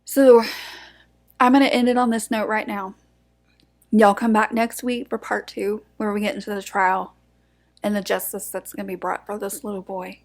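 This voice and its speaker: A woman's voice: mid-range voice, little pitch movement, moderate pace. Outspoken woman co-hosting a podcast. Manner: emotional, outspoken, swears. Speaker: podcast co-host. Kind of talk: casual true-crime chat.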